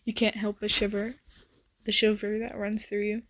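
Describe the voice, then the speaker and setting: A young woman narrating a second-person romance story in a soft, intimate voice that slips into whispers. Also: mid-range voice, little pitch movement, normal speed, dry recording. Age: young adult. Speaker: fan fiction narrator.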